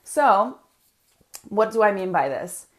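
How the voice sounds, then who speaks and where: Animated woman coach, laughing often. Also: medium pitch, slow. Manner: animated, laughs often, frequent filler words. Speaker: business coach teaching a training. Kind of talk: live online coaching training.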